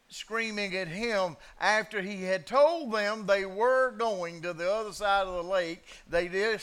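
A high-pitched male preacher who talks slowly and with weight. His tone is forceful and bright. He shifts between quiet asides and loud, dramatic declarations. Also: clear, resonant tone. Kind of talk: sermon.

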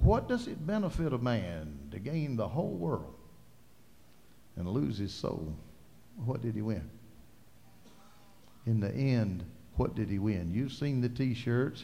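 A man's voice: mid-range voice, gravelly. Impassioned preacher, man, hall reverb. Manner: impassioned, rising to loud preaching cadence. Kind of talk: sermon.

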